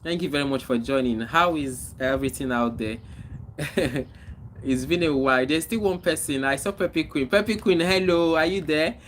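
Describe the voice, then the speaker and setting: Male streamer, casual chat with viewers, mid-range voice, faint background noise. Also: mid-range voice. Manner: reads out viewer comments and greets them by name; animated greetings, then slower reflective talk. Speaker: livestream host.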